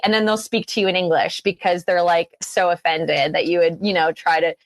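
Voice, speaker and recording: A woman from Canada, chatting as an interview guest, full of fillers and quick laughs. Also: lowish voice, no room sound. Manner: chatty, many fillers and restarts, laughs easily. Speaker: guest actor and filmmaker. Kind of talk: casual interview chat.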